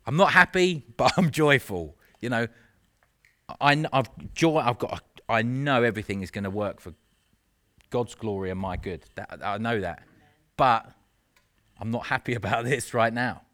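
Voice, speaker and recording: A man's voice: on the low side, normal speed, pauses often, a bit bright. A man preaching a sermon in an earnest, conversational way, with self-mocking asides.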